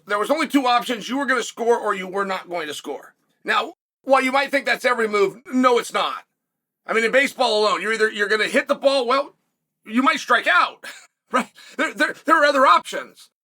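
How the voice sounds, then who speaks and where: Emphatic high-voiced male commentator. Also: pushed and bright. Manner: emphatic, repeats words and asks rhetorical questions. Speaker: host and former fighter. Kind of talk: commentary monologue to viewers.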